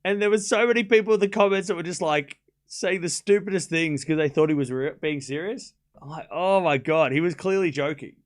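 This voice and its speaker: A man's voice: a little high, fairly quick. Rambling young man streaming tennis talk. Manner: rambling, filler-heavy, excitable, mocking. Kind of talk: casual live-stream chat.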